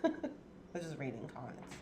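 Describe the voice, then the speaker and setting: A woman's voice: very deep voice, animated, moderate pace, background noise. A woman hosting a casual jewelry-making livestream from her home craft space, chatty and playful, laughing often. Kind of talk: casual chat.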